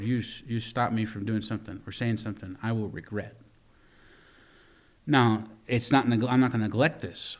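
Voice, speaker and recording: Man preaching with loud swings. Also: medium pitch. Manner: storytelling preacher, swings from loud emphasis to quiet asides; repeats words and restarts lines while preaching. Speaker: pastor. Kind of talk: sermon.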